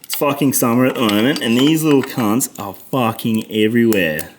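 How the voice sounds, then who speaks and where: Against a noisy background, an Australian man narrates a motorcycle repair as he works, his medium-pitched voice at normal speed. This mechanic vlogger keeps muttering and cursing out of frustration in his casual shop talk.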